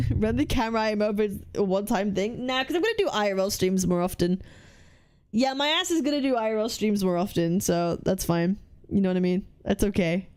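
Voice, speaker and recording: A woman's voice: medium pitch, darkish tone, clear, resonant tone. A woman streamer chatting casually close to the mic, with a blocked-nose sound, rambling, swearing and laughing as she reads chat aloud. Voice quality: blocked-nose sound with little nasal resonance. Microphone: very close to the microphone.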